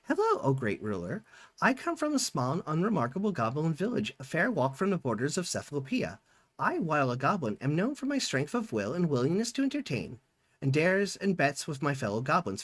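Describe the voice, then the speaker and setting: A man's voice: on the high side, no echo. A man voicing a polite, eloquent male goblin who speaks to a ruler in formal, courtly phrasing while reading a video game aloud.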